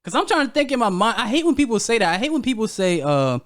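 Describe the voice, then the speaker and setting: A man's voice: extremely high pitch, very animated, fast, fairly bright tone. A young man co-hosting a podcast, telling a story in casual chat, laughing often and swearing freely. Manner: laughs often, loose and profane. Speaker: podcast co-host.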